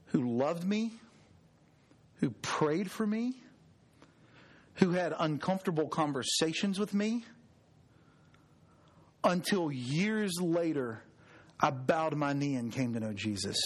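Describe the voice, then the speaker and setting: A middle-aged male pastor preaching a sermon, earnest and emphatic, telling personal stories with repeated phrases. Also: a little high. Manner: earnest, storytelling, emphatic repetition.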